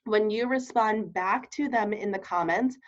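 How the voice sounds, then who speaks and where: A woman's voice: medium pitch, measured pace. A woman giving a casual training talk on network marketing, chatty and laughing often, checking in with her listeners. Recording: dull lo-fi recording.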